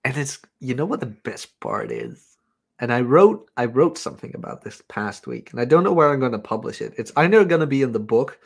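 Blunt, animated male podcast host. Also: a little fast, vocal fry, breathy edge. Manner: blunt, swears freely, acts out quotes in a higher voice. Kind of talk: casual podcast chat.

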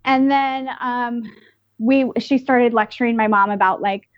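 A woman with a fairly high voice tells a story on a podcast, animated and putting on little voices for the people she quotes. The recording is dry and a touch muffled, with no room sound. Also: measured pace, no room sound. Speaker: podcast co-host. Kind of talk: casual storytelling chat.

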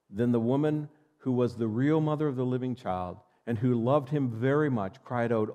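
A man's voice: medium pitch, normal speed, dark tone, in a large hall. Emphatic male pastor preaching. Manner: emphatic, reading scripture and addressing the congregation. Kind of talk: sermon.

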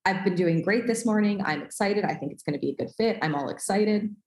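A woman's voice: medium pitch, a little fast, darkish tone, reverberant, low-quality recording. A woman telling a self-deprecating story in casual podcast chat, acting out the dialogue. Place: Los Angeles.

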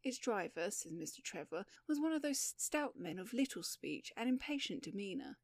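Woman reading a story aloud, expressive. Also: medium pitch, normal speed, dry recording, clean studio sound. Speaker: audiobook narrator. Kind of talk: scripted story narration.

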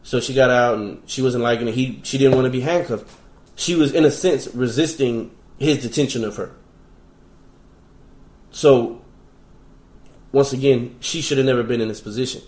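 A man's voice: medium pitch, moderate pace, long pauses, darkish tone. Blunt, profane man in an echoey room. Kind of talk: casual chat.

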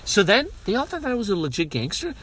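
Animated man with a bright lively voice. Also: high-pitched, quick pace, slight background noise. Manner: animated, switches into exaggerated voices for quoted people. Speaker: podcast co-host. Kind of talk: casual comedic storytelling.

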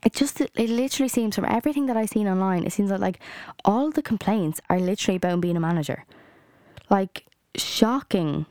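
A woman's voice: mid-range voice, lively intonation, a little fast, mellow, no echo, studio quality. A young adult woman hosting a solo podcast, ranting in a heated way with lots of swearing and "like" fillers. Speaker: podcast host.

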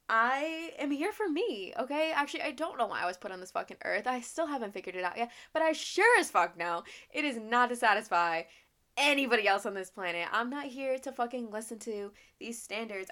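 A woman's voice: medium pitch, a bit bright. A young woman hosting a solo podcast, ranting emphatically with lots of swearing. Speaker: podcast host.

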